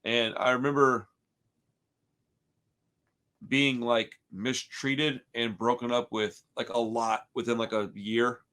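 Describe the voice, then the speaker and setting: A man's voice: medium pitch, flat delivery, slow, long pauses, fairly bright tone. A man from Houston in his thirties hosting a casual podcast chat, telling rambling stories full of dude, bro and swearing. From Houston, Texas. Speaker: podcast host.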